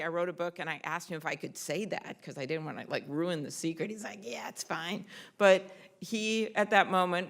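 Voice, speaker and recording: A middle-aged woman senator giving a tribute speech at an award event, telling stories with frequent ums. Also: lowish voice. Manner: warm anecdotal storytelling, frequent ums. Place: event hall on Capitol Hill.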